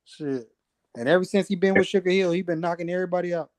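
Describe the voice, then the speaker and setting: Man, casual boxing panelist, agreeable, slightly high voice, dry close sound. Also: fast, no room sound. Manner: agreeable, casual, fillers like "you know what I'm saying". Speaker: panelist on a boxing talk stream.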